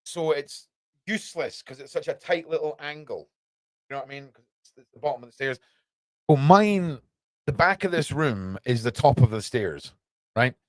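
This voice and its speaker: Animated British man, rambling commentary. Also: fairly high pitch, normal speed, dry recording. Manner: animated and rambling, full of rhetorical questions. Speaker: podcast host. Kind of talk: casual news commentary. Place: small room under the stairs at home.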